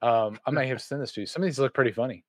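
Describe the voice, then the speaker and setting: Rambling podcast host, dry close sound. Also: male voice, medium pitch, racing, no room sound. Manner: rambling, distracted, many uhs and restarts. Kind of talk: casual podcast chat.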